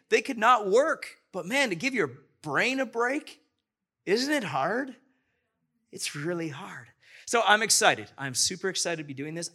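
A man's voice: high-pitched, pushed and bright. A man preaching a sermon as pastor, enthusiastic and rambling, often restarting his sentences.

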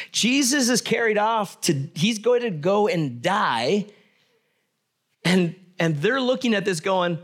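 This voice belongs to a middle-aged man preaching. His pitch sits a little higher than usual for a man. He moves between reading scripture and relaxed, joking conversation with his listeners. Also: a little slow. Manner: conversational, joking asides with laughter. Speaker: pastor. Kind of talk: sermon.

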